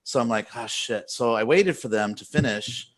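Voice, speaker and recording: A man's voice: mid-range voice, moderate pace. Rambling male podcast host telling a story. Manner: rambling, animated retelling with many restarts. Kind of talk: casual storytelling chat.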